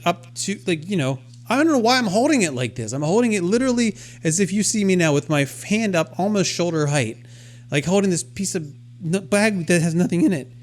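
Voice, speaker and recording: A man with a somewhat high voice co-hosts a casual podcast. He tells his story in an animated, self-deprecating way and voices his own inner thoughts as he goes. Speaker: podcast co-host. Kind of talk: casual chat.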